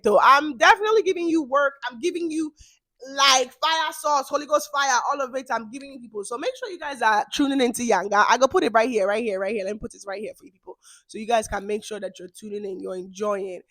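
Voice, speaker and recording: A woman with a Nigerian accent hosting her own podcast, lecturing her listeners in an emphatic rant that swings into loud outbursts. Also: a little high, expressive, quick pace, no echo. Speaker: podcast host. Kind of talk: ranting monologue.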